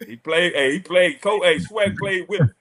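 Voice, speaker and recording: A man, a former college quarterback telling animated, laughing stories as a talk show guest. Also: high-pitched, moderate pace. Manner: animated, laughing storyteller acting out quotes. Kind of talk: casual storytelling on a talk show.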